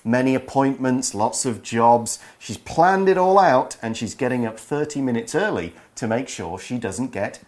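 A man's voice: medium pitch, expressive, normal speed, few pauses. Man teaching words, dry humour. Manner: dry, self-deprecating humour in clear teaching delivery. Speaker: co-host of an English lesson podcast. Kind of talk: explaining vocabulary for learners.

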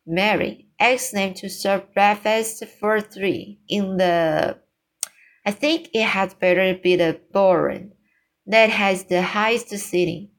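A composed, dignified queen with formal speech, as a woman reads her part. Her lines come slowly and evenly. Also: medium pitch.

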